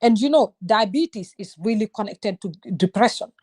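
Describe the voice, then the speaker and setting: A woman in her thirties talking in a casual, animated way, now and then slipping in short Wolof phrases. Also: mid-range voice, normal speed. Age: 30s. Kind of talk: casual conversation.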